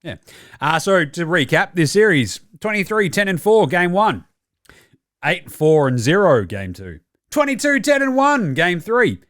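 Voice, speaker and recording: A man's voice: high-pitched, big pitch swings, unhurried, a bit bright, no room sound, studio quality. A man giving casual, profane sports commentary as a podcast host, sarcastic and acting out mock quotes. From Australia. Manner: sarcastic, swears freely, acts out mock quotes.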